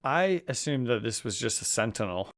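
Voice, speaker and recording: A man's voice: mid-range voice, sing-song, moderate pace. A man co-hosting a podcast, chiming in casually with short reactions and curious questions. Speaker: podcast co-host. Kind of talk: casual chat.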